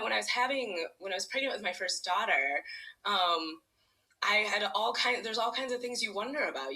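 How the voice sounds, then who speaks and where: A woman's voice: fairly low pitch, pushed and bright, low-quality recording. A woman in her thirties telling a personal story on stage, chatty and self-deprecating, laughing often and filling with "like". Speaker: storyteller, parent and educator.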